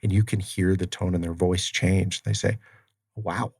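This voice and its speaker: A man's voice: sits low, little pitch movement, normal speed, creaky, a little mellow, breathy edge, no room sound, clean studio sound. A man who works in tribal community development, talking casually as a guest in an interview and acting out the exchanges in the stories he tells. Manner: storytelling, acts out quoted exchanges, many fillers. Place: studio. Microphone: studio mic.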